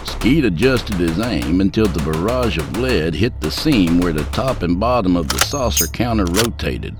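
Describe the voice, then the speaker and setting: A man's voice: sits low, lively intonation, normal speed, over loud music. A man narrating a scripted story in a dry, folksy, humorous way. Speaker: narrator and host.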